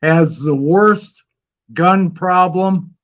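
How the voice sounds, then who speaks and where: Slow-talking high-voiced man from Wyoming. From Wyoming, USA. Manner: short agreeing replies, slow and measured. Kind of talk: casual chat. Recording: dull lo-fi sound.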